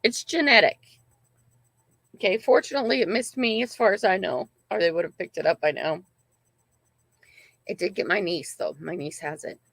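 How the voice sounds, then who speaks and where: Gravelly-voiced grandmother telling a story. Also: medium pitch, moderate pace, pauses often, fairly bright tone, no room sound. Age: older. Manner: rambling, emphatic, frequent "right?" and "okay?". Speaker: channel host. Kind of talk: casual livestream storytelling.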